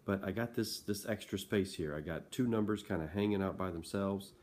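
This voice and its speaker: Low-voiced guy teaching a math lesson, chatty, keeps saying okay, little hiss behind. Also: fairly quick, darkish tone. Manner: conversational, frequent "okay?" check-ins. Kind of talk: classroom lesson to students.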